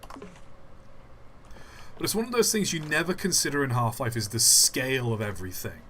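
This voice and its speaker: A man's voice: mid-range voice, big pitch swings, moderate pace, sharp tone, slight background noise. A young man, commenting casually as he plays a game on a live stream and drifting into long musing asides. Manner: rambling, musing aside while playing.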